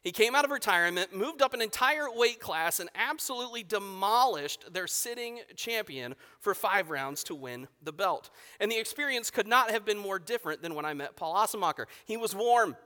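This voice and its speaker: A man in his thirties preaching a sermon as pastor, emphatic, with sharp swings from loud to hushed. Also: sits high, animated, moderate pace, few pauses. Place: church sanctuary. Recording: long reverb of a church hall.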